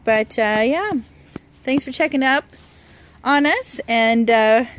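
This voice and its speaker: A young adult woman giving a casual, relaxed tour of her home garden outdoors, talking into a handheld camera with plenty of "uh" and "um". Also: a little high, slow pace, slight background noise. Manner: chatty and relaxed, with frequent "uh" and "um". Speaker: home gardener, channel host.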